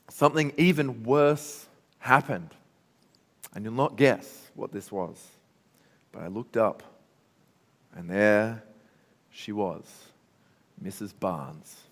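A man with an Australian accent preaching a sermon, telling stories in a conversational way. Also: fairly low pitch. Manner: conversational storytelling. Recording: long reverb in a hall.

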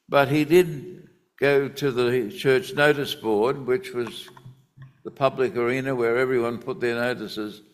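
A man delivers a Sunday sermon, working through a Bible passage with deliberate emphasis. He speaks slowly at a middling pitch, taking his time over each point. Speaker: preacher.

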